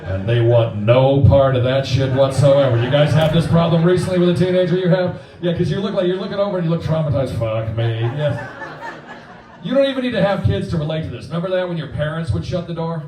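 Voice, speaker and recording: A man in his forties doing a stand-up comedy set, crude and punchy, acting out quick voices. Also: a little high, noisy background. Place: comedy club stage before a live audience. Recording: roomy club sound from a distance, audience laughter.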